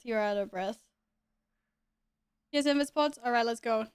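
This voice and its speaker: A woman's voice: fairly high pitch, a little slow, clean tone, no echo. A woman live streaming, chatting casually and playfully while gaming, teasing viewers and laughing often. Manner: chatty, greets viewers and jokes with them.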